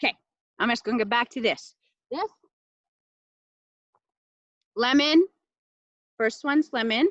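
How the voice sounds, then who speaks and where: Woman, casual live class host, chatty, heartfelt, fillers, excitable, higher voice, dry and dull laptop sound. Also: takes it slowly, pauses often, no echo. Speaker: class host presenting essential oils.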